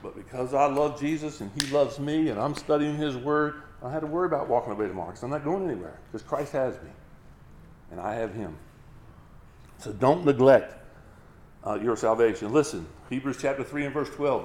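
A man's voice: medium pitch, lively intonation, a little fast, a little mellow, roomy sound. A man preaching a sermon as a pastor, driving each point home with emphatic repetition.

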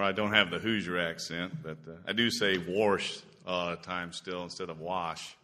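Guest preacher, 60s, from Indiana; lowish, bright voice; folksy, rambling church talk. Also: male voice. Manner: self-deprecating storyteller, many "uh" fillers. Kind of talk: folksy sermon opening. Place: church sanctuary.

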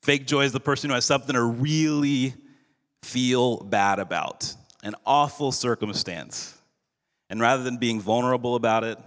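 A male pastor giving a sermon in an earnest, measured way, slowing down for emphasis. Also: medium pitch, a bit bright. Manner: earnest, measured preaching with slowed emphatic phrases. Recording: long hall reverb.

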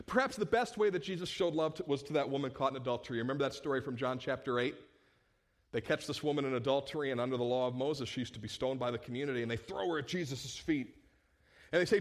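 A pastor preaching a sermon, full of rhetorical questions and swinging between loud bursts and hushed tones. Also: male voice, mid-range voice, a little fast.

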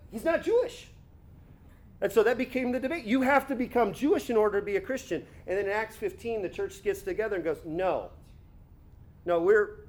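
A man preaching a conversational sermon, teaching with rhetorical asides and quick self-corrections. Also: sits high. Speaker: pastor.

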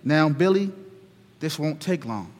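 Patient father, hushed and steady, voiced by a preacher, slight echo. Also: measured pace. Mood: soothing. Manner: soft, low and soothing. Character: patient calm young father soothing a child.

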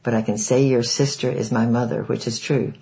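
A man reading aloud, voicing a calm, honest young man in a quiet, reassuring way. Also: medium pitch, brisk, creaky, lightly acted.

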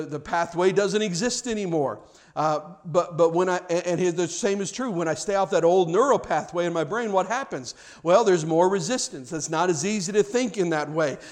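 High-voiced man preaching a sermon. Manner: conversational preacher with frequent restarts, acting out scenes. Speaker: pastor.

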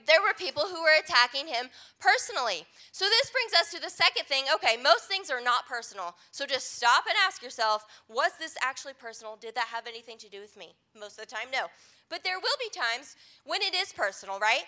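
A woman's voice: high-pitched, sing-song, fairly quick, sharp tone. A young adult woman pastor giving an earnest, conversational sermon.

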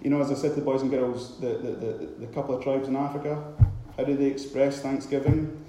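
A man preaching a sermon, retelling a scripture story with animated, repetitive emphasis, recorded in a very echoey hall. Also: mid-range voice, brisk, noisy background.

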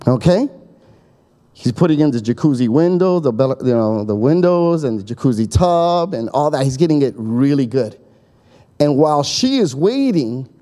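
A pastor's fairly high, dark-toned voice carries a sermon built around a chatty story. He imitates voices as he goes and regularly checks in with the audience.

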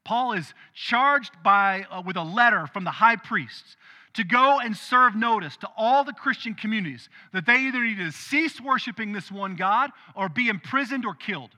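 A male pastor preaching a sermon in an animated, conversational way, with quick asides. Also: sits high, big-room sound.

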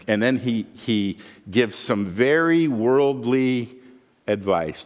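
A man preaching a sermon as pastor, animated and humorous, acting out the voices he quotes. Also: medium pitch, unhurried, in a large hall.

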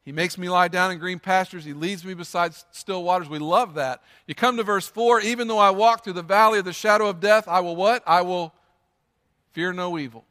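A pastor preaching a sermon in a church sanctuary, earnest and emphatic, driving his points home by repeating them. His voice is high and bright, carrying a long reverb from the large room around him. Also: fairly quick, few pauses.

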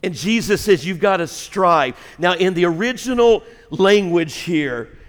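A middle-aged man preaching a blunt sermon as pastor, swinging from shouts to a hushed near-whisper and speaking straight to his congregation. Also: sits high, animated, measured pace, big-room sound. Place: church sanctuary.

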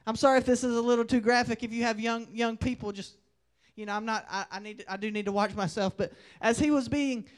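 High-voiced young male preacher. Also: quick pace. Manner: animated storytelling, swings between loud and hushed. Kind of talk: sermon testimony.

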